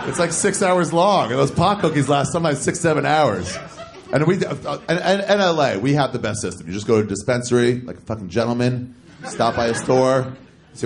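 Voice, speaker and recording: A man's voice: mid-range voice, animated, fairly quick. A man hosting a stand-up show on a comedy club stage, talking in a dry, casual way and swearing a lot. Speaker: host and comedian. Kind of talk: stand-up storytelling and banter. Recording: noisy live club recording.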